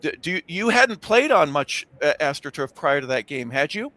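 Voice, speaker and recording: A man's voice: on the high side, very animated, normal speed, bright, forceful tone. A man hosting a sports radio interview, eagerly jumping in with background facts. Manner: eager, jumps in with trivia. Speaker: host.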